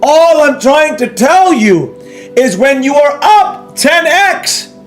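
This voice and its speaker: A man's voice: very high voice, sing-song, takes it slowly, faint music behind. A man hosting a live trading stream, scolding his audience with emphatic repeats and rhetorical questions while reading and answering chat. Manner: reads and answers viewer chat. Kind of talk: ranting live-stream lecture.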